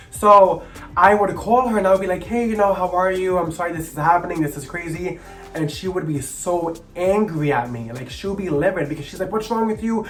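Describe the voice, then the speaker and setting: Earnest young man telling a personal story. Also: on the high side. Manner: earnest, halting, many ums and restarts. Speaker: vlogger.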